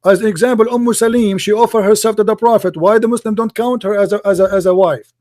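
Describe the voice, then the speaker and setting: A high-pitched man presses his point in a heated debate, repeating questions and mocking. His voice is close and dry with no room sound. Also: fairly even intonation, quick pace, warm tone, no room sound.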